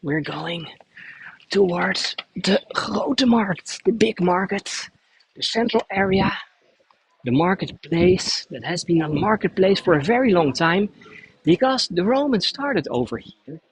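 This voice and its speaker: A man's voice: sits high, lively intonation, unhurried, low-quality recording. A Dutch man, a native Dutch speaker using English, guides a cycling tour of a city outdoors and explains at length with frequent restarts. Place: outdoors in a city square, riding a bike.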